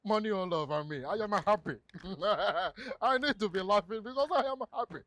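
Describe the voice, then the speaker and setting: An actor playing a boastful rich man with a Nigerian accent, loud and scolding about his money. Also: high voice, normal speed, no room sound. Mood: gloating.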